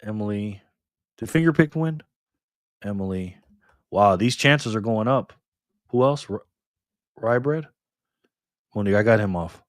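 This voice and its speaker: A man hosting a live stream in a loose, joking way, reading the chat messages out loud. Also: fairly low pitch, a little slow, pauses often, dry recording, studio quality. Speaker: livestream host.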